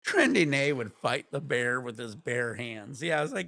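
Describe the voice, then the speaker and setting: A man hosting a casual livestream, with laid-back, rambling chat and quick laughs. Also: medium pitch, animated, gravelly, pushed and bright, no room sound, clean studio sound. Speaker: livestream host.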